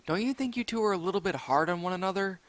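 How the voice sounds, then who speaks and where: Sensible pup played by a man, higher than his own voice, even-toned. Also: fast talker, no room sound. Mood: calm. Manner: level, questioning.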